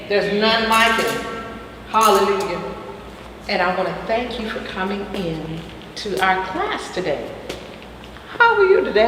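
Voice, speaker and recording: A woman teaching a casual spiritual health class who peppers her talk with hallelujahs and fillers, speaking in an echoey room. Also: medium pitch. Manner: warm and preachy, frequent hallelujahs and fillers. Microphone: far from the mic. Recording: echoey distant room with faint noise.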